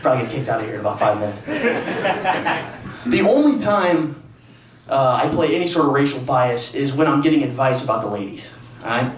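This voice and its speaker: A man's voice: mid-range voice, sing-song, a little fast, long pauses. A man doing a stand-up set, telling rambling, self-mocking stories on a comedy club stage. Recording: echoey club from far off with laughing crowd.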